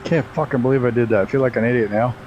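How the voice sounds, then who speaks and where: A man's voice: mid-range voice, rapid-fire, a little mellow, lo-fi sound, a little hiss or hum. A man casually talking to his chat while flying a flight simulator, swearing freely and laughing at his own mistakes. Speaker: flight sim streamer. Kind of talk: casual live-stream commentary.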